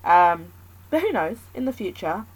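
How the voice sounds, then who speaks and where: A woman's voice: on the low side, big pitch swings, measured pace, poor audio. A woman talking alone in a casual, candid chat, thinking aloud and rambling between points.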